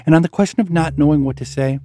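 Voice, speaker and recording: A man hosting an interview, asking calm, measured questions. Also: on the high side. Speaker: interviewer, host. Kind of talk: interview and reflective commentary.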